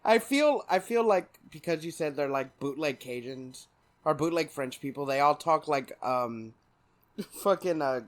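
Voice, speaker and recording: A man's voice: a little high, lively intonation, a little slow. A man co-hosting a podcast in casual chat, laughing often and chiming in with jokes. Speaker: podcast co-host.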